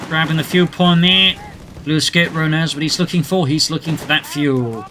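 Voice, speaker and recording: A man with a high, bright, sharp-edged voice calls a strategy game match play by play. He keeps up a brisk running narration and drops dry jokes along the way. A faint hiss of noise sits under his voice. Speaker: match commentator. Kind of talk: play-by-play video game commentary.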